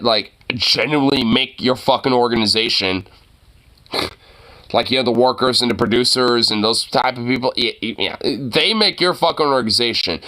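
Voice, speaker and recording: A man hosting a casual chat, reacting to a news clip with excited, profane rants. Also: mid-range voice.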